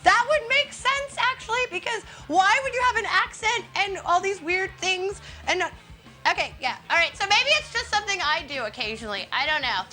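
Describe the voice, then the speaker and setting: Young US woman hosting; lively, bouncy voice, rambling and crude, with faint music behind. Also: very high voice, a little fast. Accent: American. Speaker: host. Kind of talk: casual presenting.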